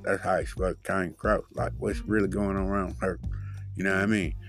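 A man's voice: sits low, fairly even intonation, fast talker, a bit bright, soft background music. A man hosting his own solo podcast, talking in a profane, rambling, loose way with lots of fillers. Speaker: podcast host.

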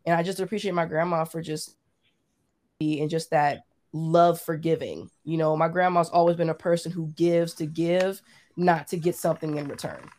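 A woman's voice: low voice, steady tone, moderate pace, a little mellow. A woman co-hosting a podcast, telling a heartfelt personal story in casual chat, saying "like" often. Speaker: podcast co-host.

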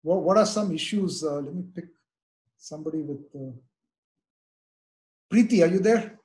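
A man's voice: a little high, moderate pace, darkish tone. A middle-aged man teaching a parenting class at church, talking loosely with many fillers and checking in with "right?" as he goes. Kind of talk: interactive online parenting lesson.

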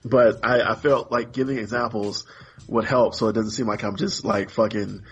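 A man's voice: on the low side, flat delivery, normal speed, breathy edge, highs cut off, faint music behind. A man co-hosting a podcast in casual chat, rambling and exasperated, acting out characters in mock voices. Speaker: podcast co-host.

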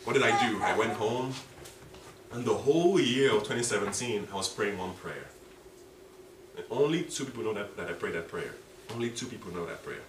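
A man's voice: expressive, brisk, background noise. Passionate male preacher in an echoey hall. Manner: passionate, rising to high emotional pleas. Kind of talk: sermon. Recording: echoey room from a distance.

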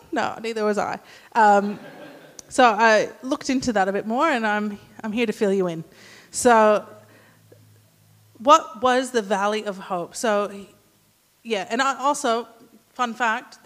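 A woman giving a casual, conversational sermon and asking the congregation questions. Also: a little high. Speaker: church speaker. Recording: hall reverb.

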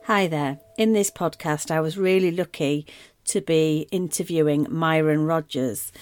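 A woman's voice: low-pitched, a little mellow, echoey room. A middle-aged woman with a Yorkshire accent, hosting a podcast interview in a chatty, upbeat way. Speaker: podcast host.

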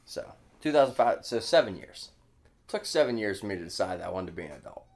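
Deep-voiced laid-back guy in his thirties. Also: animated, fast talker. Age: 30s. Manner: laid-back, swears a lot, laughs often. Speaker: podcast guest. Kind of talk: casual chat.

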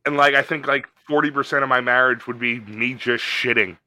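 A man's voice: medium pitch, fairly even intonation, brisk, pushed and bright. A man co-hosting a podcast, ranting in casual, profane chat and putting on comic voices. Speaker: podcast co-host.

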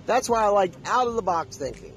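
A man's voice: high voice, animated, fairly quick, vocal fry, a bit bright, a little hiss or hum. A man talking straight to his viewers in a casual, emphatic monologue, repeating himself and throwing questions at the audience. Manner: emphatic, repetitive, preachy, asks the audience questions. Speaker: vlogger.

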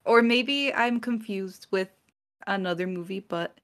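A woman's voice: medium pitch, unhurried, a bit bright. A woman co-hosting a casual podcast chat, chatty and giggly, sometimes losing her words. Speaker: podcast co-host.

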